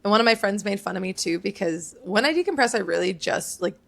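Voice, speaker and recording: A woman in her late twenties talks in a casual podcast chat. Her voice has a noticeable creaky, gravelly edge at a medium pitch. She rambles through her stories and leans heavily on fillers. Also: animated, fast, a bit bright. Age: late 20s. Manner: rambling, filler-heavy storytelling. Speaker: podcast co-host.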